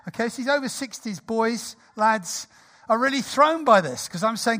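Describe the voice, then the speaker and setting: A man in his sixties preaching a sermon in a church, lively, jokey and conversational. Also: very high-pitched, moderate pace. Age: 60s.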